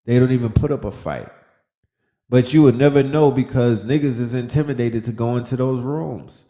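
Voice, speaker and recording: Man, podcast host, casual motivational monologue, emphatic and preachy, slang and profanity, repeated phrases, mid pitch, echoey room. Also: moderate pace, dark tone.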